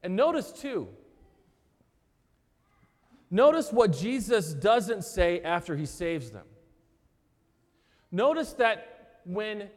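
A man preaching a sermon as pastor, earnest and emphatic, often repeating words and pausing for effect. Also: high voice, sing-song, a little mellow. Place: church sanctuary. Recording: church hall with long reverb.

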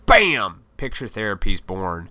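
A man's voice: lowish voice, sing-song, measured pace, sharp tone, dry recording. A man in his thirties, a YouTuber, in a casual, rambling, profane vlog monologue. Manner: rambling, profane, laid-back, self-deprecating.

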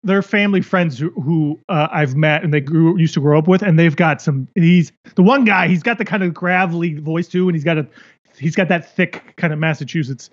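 A man co-hosting a casual podcast, agreeable and quick with a yeah. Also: on the high side. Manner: agreeable, lots of yeahs. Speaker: podcast co-host. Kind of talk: casual chat. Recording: dull lo-fi sound.

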